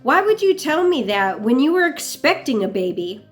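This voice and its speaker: A woman's voice: high-pitched, big pitch swings, moderate pace, faint music behind, pitched above the performer's own voice. A woman reading an indignant, accusing young woman. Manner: pointed, sarcastic questioning. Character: young woman confronting a lying lover, indignant.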